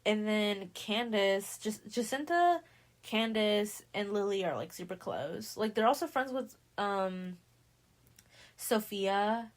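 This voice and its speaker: Animated but taking it slowly, a young podcast host with a medium-pitched voice recaps a novel in casual slang and performs the characters' dialogue.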